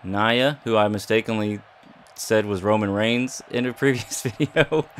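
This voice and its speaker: A man's voice: lowish voice, a little slow. Joking man doing gameplay commentary. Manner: playful, jokey, talks back to the game characters. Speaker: gaming YouTuber.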